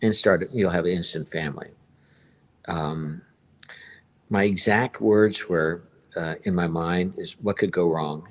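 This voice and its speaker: A man's voice: low-pitched, a little slow, pauses often. A man in his fifties telling a long personal story on a live stream, rambling and circling back to repeat himself.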